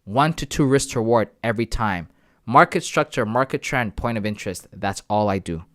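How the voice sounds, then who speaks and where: A young man, chatting casually on a trading livestream, laid-back and slangy, reading out comments and breaking into loud shout-outs. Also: fairly low pitch, brisk, no room sound, studio quality. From Canada. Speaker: live-streaming forex trader.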